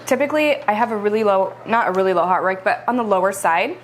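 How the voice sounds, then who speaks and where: A young woman telling a personal story to the camera in a casual, chatty vlog, animated and laughing between bites. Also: mid-range voice, quick pace, a little hiss or hum. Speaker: vlog co-host.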